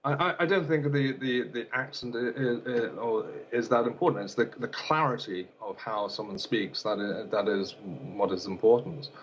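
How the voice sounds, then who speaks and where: A man's voice: medium pitch, moderate pace, hardly any pauses, slight background noise. A male elocution teacher answering interview questions hesitantly, often repeating words and using fillers. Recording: dull lo-fi broadcast sound.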